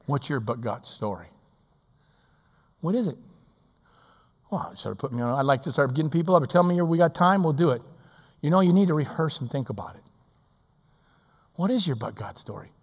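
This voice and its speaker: A man, preaching as assistant pastor, swinging between booming and hushed. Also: animated, brisk, long pauses, breathy edge. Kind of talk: sermon. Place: church sanctuary. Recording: church hall reverb.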